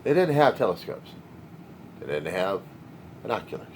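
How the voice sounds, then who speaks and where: A man rambles through his thoughts in a video diary, sardonic and quick to crack wise. His voice sits low but swings up and down a lot. A faint background noise runs under his talk. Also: very animated, a little mellow. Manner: sardonic, wisecracking, wandering. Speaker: video diarist. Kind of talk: rambling personal monologue.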